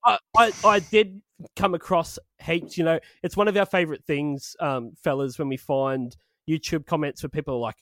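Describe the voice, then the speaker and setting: A man's voice: a little high, steady tone, moderate pace, a bit bright, no room sound, studio quality. A man co-hosting a podcast in casual banter, laughing often, swearing and reading comments aloud. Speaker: podcast co-host.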